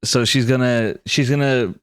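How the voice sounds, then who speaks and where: A man narrating as game master, stumbling and restarting his sentences in a plain, mid-pitched voice. The sound is close and dry with no room around it. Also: steady tone, smooth, no room sound. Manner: halting, restarts often.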